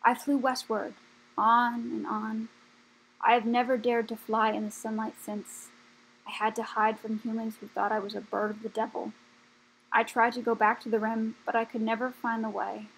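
A woman voicing an old, weary male dragon leader in a storybook reading, speaking slowly and gravely. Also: fairly high pitch, flat delivery, rough recording. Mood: solemn.

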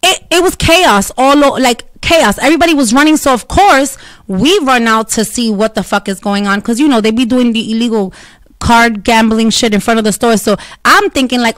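A woman telling a story in blunt, profane, animated casual talk, with Spanish words dropped in. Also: a little high, normal speed, no echo.

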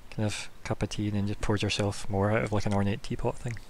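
A man's voice: lowish voice, flat delivery, fast, a little hiss or hum. A man running a tabletop game as game master, narrating scenes in a loose, descriptive way with many fillers.

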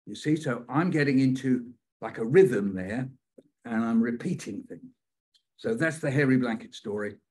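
Husky older British man telling stories. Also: medium pitch, normal speed, a little mellow. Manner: playful, repeats phrases rhythmically, acts out quoted voices. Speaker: poet leading a writing workshop. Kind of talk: storytelling poetry lesson.

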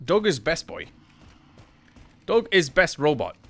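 A man's voice: on the high side, sing-song, takes it slowly, fairly bright tone. A young man giving rowdy, joking let's play commentary, swearing and bantering at the game. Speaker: gaming YouTuber.

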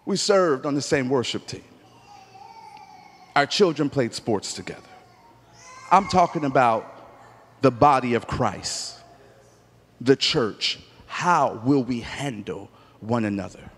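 Emphatic preacher in a reverberant church. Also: male voice, medium pitch, animated, slow, long pauses, slight background noise. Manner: emphatic storytelling preacher, acts out dialogue, rises to near shouts. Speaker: pastor. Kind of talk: sermon. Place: church sanctuary. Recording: long church hall reverb.

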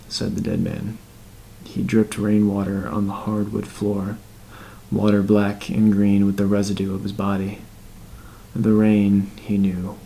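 Gravelly low-voiced male narrator. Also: dark tone, slight background noise, poor audio. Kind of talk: scripted narration.

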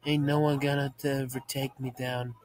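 A man giving profane, deadpan muttered commentary while playing a video game, framed as a mock ASMR video. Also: medium pitch, moderate pace, slight background noise. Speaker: gaming channel host.

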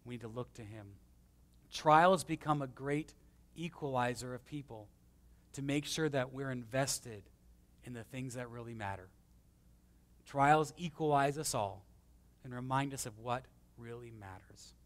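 A man preaching a conversational sermon as pastor, swinging between emphatic and hushed, with self-deprecating stories. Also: mid-range voice, a little slow, pauses often. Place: church.

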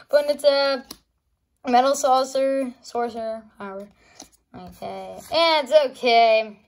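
A woman opening trading cards for a casual vlog, excitable and gasping, often calling out to her viewers, recorded on a phone. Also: sits high, slow pace. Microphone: phone on a charger.

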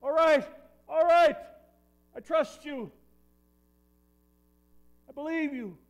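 A man voicing a panicked climber hanging from a branch, yelling frantically for help. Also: very high voice, slow, highs cut off, voice pushed up. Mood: desperate.

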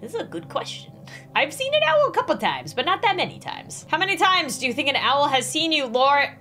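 Young female gamer: bright, lively, nervous laughter, reads questions aloud, faint music underneath. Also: sits high, brisk. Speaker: gaming YouTuber. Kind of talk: reacting aloud while playing a horror quiz game.

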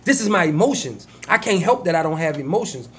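Man, 30s, New Orleans accent, high voice, emphatic, repeats himself, casual podcast talk. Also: big pitch swings, brisk, fairly bright tone. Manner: emphatic, repeats himself, stammers when worked up. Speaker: podcast co-host.

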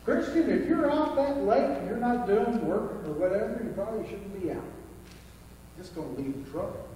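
A man's voice: high-pitched, expressive, normal speed, mellow, slight background noise. A male pastor preaching a sermon in an earnest, folksy way with touches of humor. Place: church sanctuary. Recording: echoey church hall from far off.

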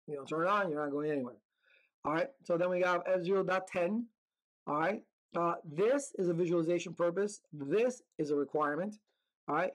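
A man's voice: on the high side, low-quality recording. Casual upbeat male networking instructor. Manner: casual, upbeat, talks to himself while typing commands. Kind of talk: screen-recorded lab walkthrough.

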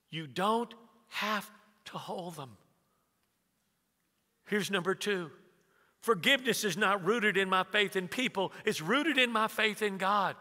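A man's voice: high-pitched, pushed and bright. A man in his sixties preaching a sermon as a pastor, telling humorous family stories and acting out conversations. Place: church sanctuary. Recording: long hall reverb.

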